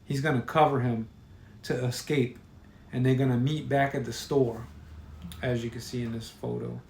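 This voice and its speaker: A man reading a gory horror story aloud in a measured, grim, plain way. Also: mid-range voice, little pitch movement, vocal fry, darkish tone, slight background noise. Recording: roomy echo.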